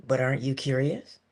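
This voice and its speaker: A woman's voice: lowish voice, darkish tone. A woman giving an earnest but casual inspirational monologue as a motivational speaker, talking conversationally with sudden emphasis.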